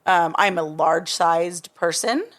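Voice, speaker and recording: A woman's voice: lowish voice, measured pace, fairly bright tone. A woman in her thirties talking casually as a podcast guest, hesitant and searching for words with many restarts. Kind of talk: casual recovery-group conversation.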